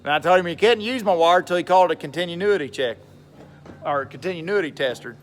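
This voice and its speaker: A man's voice: a little high, lively intonation, quick pace. A man talking casually in a vlog about his mill work, rambling and folksy, chuckling often. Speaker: logger and mill worker vlogger.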